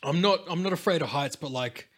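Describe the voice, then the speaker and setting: A young man with a fairly high-pitched voice, chatting on a podcast. He rambles, swears freely and gets animated as he goes. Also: fairly quick. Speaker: podcast co-host. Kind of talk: casual podcast chat.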